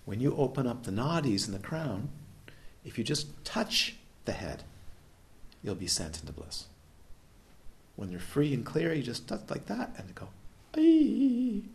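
A man's voice: mid-range voice, big pitch swings, unhurried, gravelly, pauses often. A man giving a playful, questioning dharma talk as a meditation teacher at a retreat. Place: retreat hall.

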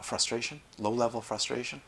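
A middle-aged man teaching meditation at a retreat, talking in an animated way with playful asides. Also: mid-range voice, brisk, gravelly, a little hiss or hum. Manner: animated, acts out quoted voices, lively asides. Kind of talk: dharma talk at a retreat.

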